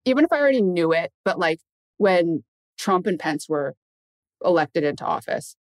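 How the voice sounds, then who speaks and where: A woman's voice: fairly low pitch, animated, moderate pace, no room sound. A woman in her thirties from Michigan, telling personal stories candidly in an interview and swearing casually. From Michigan, USA. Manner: candid, swears casually, acts out quoted voices. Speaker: guest.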